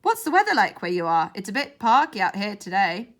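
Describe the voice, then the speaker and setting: A woman's voice: mid-range voice, big pitch swings, fairly quick, close to an everyday voice. A woman doing a boy faking a pompous president. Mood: jovial.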